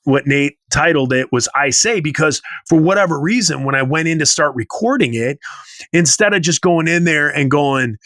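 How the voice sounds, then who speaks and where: A man's voice: a little high, expressive, normal speed, fairly bright tone, dry recording. A man in his forties telling a rambling story in casual chat as podcast co-host, now and then humming bits of a tune. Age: 40s. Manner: rambling storyteller, hums snippets of tunes.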